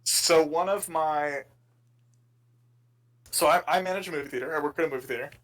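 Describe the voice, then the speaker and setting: Podcast co-host, a man with a higher voice; relaxed joking banter and rambling anecdotes. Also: a little fast, low-quality recording. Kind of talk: casual sports chat.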